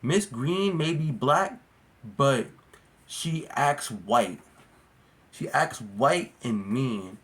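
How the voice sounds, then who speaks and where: A man talks straight to camera in a loose storytime vlog. He rambles, restarts, and fills his speech with slang like "bro" and "like". His pitch sits in an ordinary middle register. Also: expressive, drawn-out words, fairly bright tone. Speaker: vlogger. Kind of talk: casual storytime monologue.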